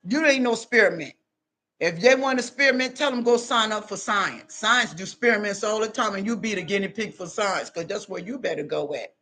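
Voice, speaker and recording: A woman, giving a loud, animated motivational talk to her viewers and laughing often. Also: mid-range voice, fairly quick, a little hiss or hum. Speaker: online talk host.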